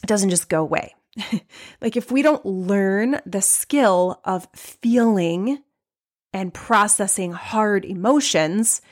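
A middle-aged woman hosting a life coaching podcast, talking openly and reflectively about feeling sad, with frequent restarts and soft pauses. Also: medium pitch. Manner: open, reflective, with many restarts and soft laughs. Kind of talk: personal podcast monologue.

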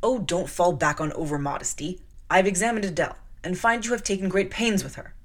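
A woman reading the lines of a brusque, imperious middle-aged gentleman in a gruff, clipped, demanding way, in an audiobook. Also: fairly low pitch, a little fast, pitched above the performer's own voice, close to an everyday voice.

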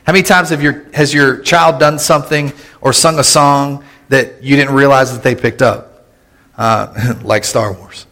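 A man preaches a laid-back, humorous sermon, joking with his congregation and tossing in quick asides. His voice sits in a middle pitch range. The sound carries the long reverb of a church hall. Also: steady tone, fairly bright tone. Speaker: pastor. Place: church sanctuary.

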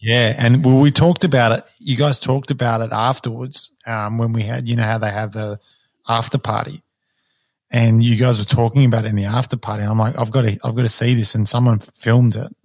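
A man's voice: medium pitch, flat delivery, a little fast, darkish tone, no echo, clean studio sound. Man chatting as a podcast guest. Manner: laughing, enthusiastic recounting. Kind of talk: casual chat.

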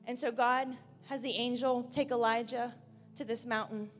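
A woman preaching a sermon earnestly on a church stage into a handheld mic, moving from raised emphasis down to a hushed near-whisper. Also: fairly high pitch, fairly even intonation, normal speed, in a large hall, faint music behind.

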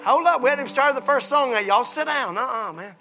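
High bright-voiced preaching man. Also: expressive, fast, faint music behind. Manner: passionate preaching, swings from soft to shouting. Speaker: pastor. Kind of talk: sermon.

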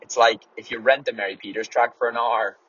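Speaking briskly with fairly even intonation, the man has a medium pitch, a fairly bright tone and a breathy edge. He's an Irish runner and podcast host rambling casually through a solo episode, swearing often and restarting his words, on a dull, dry lo-fi recording.

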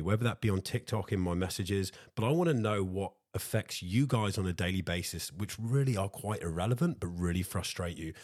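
This podcast host has a very low-pitched, darkish voice, recorded close and dry with no echo or room sound. In a solo motivational chat he talks casually and at length, repeating himself and often calling his listeners guys.

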